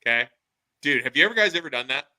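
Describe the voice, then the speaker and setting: A man in his thirties hosting a casual podcast, telling a story in an animated way and saying "dude" a lot. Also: medium pitch, quick pace, poor audio. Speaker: podcast host.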